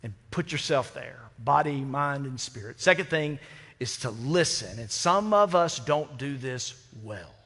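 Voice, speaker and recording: Bright and forceful, this mid-range male voice moves unhurriedly with lively intonation as a pastor delivers a humorous, conversational sermon over a church microphone. He asks the congregation rhetorical questions, and the sanctuary adds long hall reverb.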